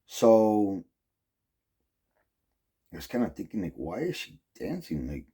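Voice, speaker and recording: Middle-aged man, low dark husky voice, casual rambling vlog storyteller, swears a lot. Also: very animated, takes it slowly. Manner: rambling, heavy use of "like" and "um", profane. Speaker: vlogger.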